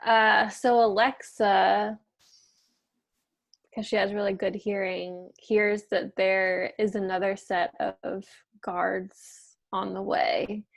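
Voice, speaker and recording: A woman's voice: mid-range voice, level tone, slow pace, creaky. A woman speaking as a player in a tabletop role-playing game, describing her character's actions in the third person.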